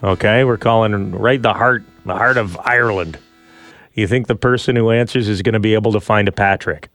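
A man's voice: lowish voice, brisk, a bit bright. Upbeat guy hosting a radio bit, some music faint in back. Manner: upbeat, game-show style. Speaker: radio co-host. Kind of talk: casual chat.

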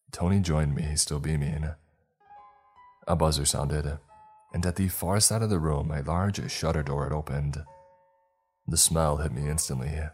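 Very deep, husky male storyteller. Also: darkish tone. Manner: measured storytelling, first-person narrator. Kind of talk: scripted narration of a horror story.

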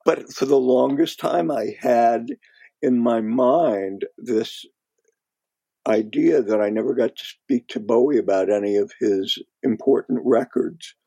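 Slow gravelly older man reminiscing. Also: mid-range voice, mellow, no echo. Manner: slow, reflective, halting reminiscing. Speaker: guest, former music critic. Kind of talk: casual podcast conversation.

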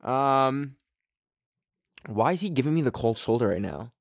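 A man's voice: medium pitch, animated, a little slow, creaky, no room sound, studio quality. Rambling self-mocking male podcast host. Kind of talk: casual chat. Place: friend's darkened bedroom.

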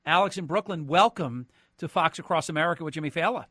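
A man's voice: fairly high pitch, fast, fairly bright tone, slightly rough, dry recording, studio quality. A man hosting a call-in radio talk show, speaking emphatically and repeating words when he gets worked up. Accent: New Jersey. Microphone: studio microphone.

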